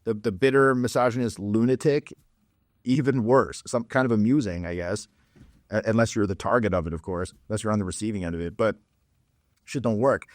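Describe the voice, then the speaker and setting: A man's voice: lowish voice, a little fast, dry recording. A man coaching on dating in a blunt, profane, casual monologue, telling stories with laughs and mocking others in put-on voices.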